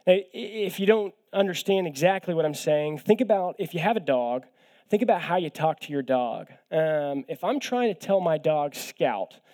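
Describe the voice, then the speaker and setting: A young adult man giving a sermon as a guest preacher, talking in a relaxed, conversational way with light self-deprecating humor and frequent repeated words. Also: fairly high pitch, normal speed.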